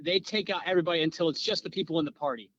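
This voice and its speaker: A man co-hosting a podcast, improvising a crude comedic story in an animated way, jumping in pitch for quoted voices. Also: racing, highs cut off. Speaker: podcast co-host.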